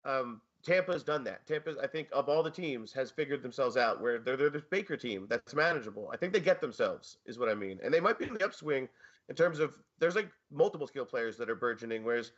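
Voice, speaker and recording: A man's voice: medium pitch, expressive, a little fast, lo-fi sound. A man co-hosting a sports podcast, rambling with restarts and offbeat comparisons. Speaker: podcast co-host. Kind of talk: casual sports betting chat.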